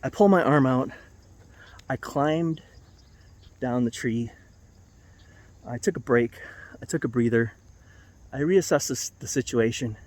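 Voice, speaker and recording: A man's voice: mid-range voice, unhurried, long pauses, a little mellow. A middle-aged man vlogging, telling a casual, rambling story to the camera. He corrects himself as he goes and chuckles at his own mishaps.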